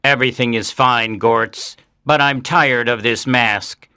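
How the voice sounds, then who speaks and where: A man's voice: mid-range voice, steady tone, slow, pushed and bright, clear, resonant tone. A man doing a weary scheming alien in disguise. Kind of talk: graded-reader audiobook drama.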